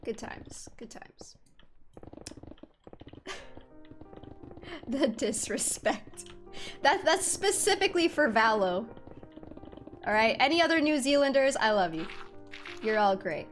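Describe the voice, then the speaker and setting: A woman's voice: on the high side, big pitch swings, measured pace, long pauses. A young woman streaming a game, chatting casually with her viewers and laughing often. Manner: chatty and giggly, talking to chat. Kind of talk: casual live-stream chat while gaming. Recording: faint music in background.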